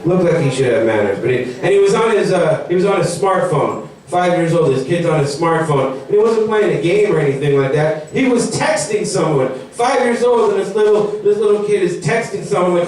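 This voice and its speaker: A young man doing a stand-up comedy set. He talks in a rambling, animated way and mocks people in put-on voices. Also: high-pitched, a little fast, few pauses. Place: comedy venue. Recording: very echoey room, mic far off.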